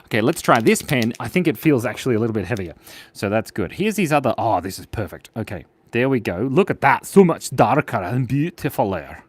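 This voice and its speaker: Playful Australian man, lively voice. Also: medium pitch, fairly quick, breathy edge. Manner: playful, jokey, chatting to viewers while drawing. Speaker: art stream host. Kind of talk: live drawing stream for kids.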